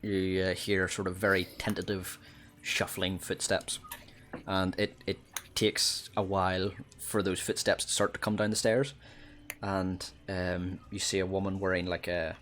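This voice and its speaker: Deep-voiced hesitant game master. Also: male voice, flat delivery, a little slow, fairly bright tone. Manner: hesitant, many ums and restarts. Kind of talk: narrating a tabletop game.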